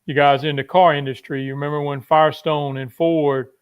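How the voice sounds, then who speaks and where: A man's voice: on the high side, little pitch movement, fairly quick, smooth, muffled recording. A man speaking as a guest on a casual online panel chat, explaining things with lots of fillers. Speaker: panel guest from pharmaceutical industry.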